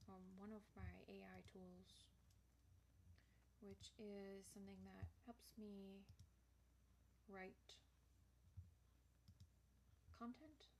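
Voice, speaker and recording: A woman hosting a software tutorial, chatting casually as she clicks through features on screen. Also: medium pitch, flat delivery, very slow, creaky, pauses often, slight background noise. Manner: casual, chatty walkthrough with fillers.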